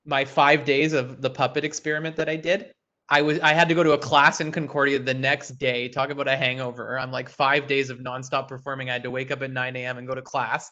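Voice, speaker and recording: A young man teaching an online puppetry workshop, talking animatedly and breaking into quick puppet voices. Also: mid-range voice, sharp tone. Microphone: video call. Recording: dull lo-fi online call audio.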